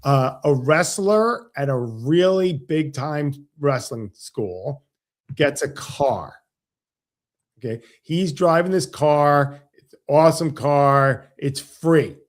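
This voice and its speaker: A man, a financial advisor guest on an interview show, explaining with animated stories and acted-out dialogue. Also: a little high, takes it slowly. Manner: animated, acts out quoted dialogue. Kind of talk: casual interview storytelling.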